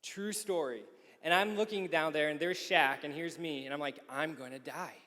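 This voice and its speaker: A man in his thirties speaking at a youth conference men's session. He tells a lively story and acts out the people he quotes. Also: fairly high pitch, moderate pace. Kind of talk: storytelling talk. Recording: echoey hall.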